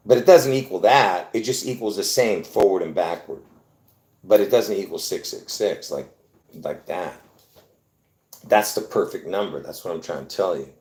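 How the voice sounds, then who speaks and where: This video host has a deep, darkish voice, and the sound is roomy. Addressing viewers head-on, he rambles through his explanation, circling back, starting over, and using fillers as he presses his point.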